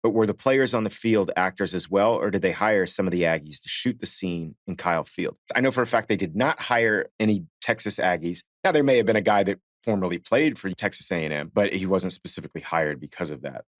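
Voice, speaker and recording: A man co-hosting a podcast, telling behind-the-scenes stories in a relaxed way with frequent chuckles. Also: sits low, a little fast, hardly any pauses, no echo, clean studio sound. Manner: relaxed storytelling, chuckling often. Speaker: podcast co-host. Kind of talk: casual podcast chat.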